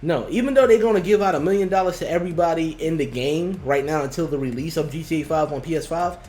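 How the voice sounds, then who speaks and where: A man co-hosting a casual gaming podcast over a video call, excitable and slangy, swearing freely. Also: on the high side, fast, hardly any pauses, soft background music. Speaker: podcast co-host.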